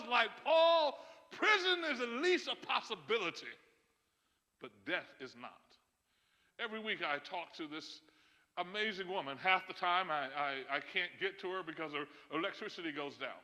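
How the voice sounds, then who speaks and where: A man's voice: sits high, very animated, moderate pace, bright, forceful tone. A man pastor preaching a sermon to his congregation, emphatic, with chuckles and asides to the listeners. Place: church sanctuary. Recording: long church hall reverb.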